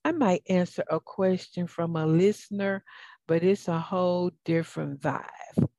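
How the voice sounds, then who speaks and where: A middle-aged woman with a Southern US drawl hosts a radio talk show in a folksy, encouraging way. Her voice sits low and mellow, and she takes her time over every phrase. The sound is dry and close. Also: unhurried, no echo. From Atlanta, US. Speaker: host. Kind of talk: upbeat talk radio hosting.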